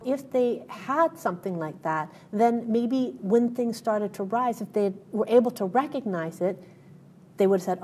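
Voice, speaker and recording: A woman's voice: mid-range voice, a little slow, a little mellow, slight background noise. A woman guest in an interview, telling a personal story in an earnest way, with many fillers and restarts.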